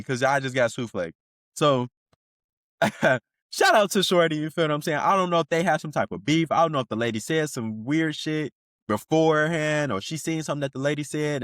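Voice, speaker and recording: Male podcast host, animated swings in pitch, loose profane banter, dry close sound. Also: no echo. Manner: profane slang-heavy banter, laughs often. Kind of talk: casual commentary.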